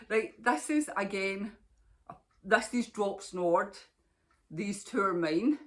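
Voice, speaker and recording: A woman's voice: medium pitch, slow, pauses often, a bit bright. A Scottish woman hosting a knitting podcast, chatting casually to camera in a rambling way and laughing often.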